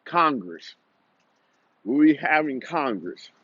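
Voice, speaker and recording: A man's voice: fairly high pitch, very animated, slow pace, no echo, dull audio. A young man delivering a heated, repetitive, confrontational commentary rant.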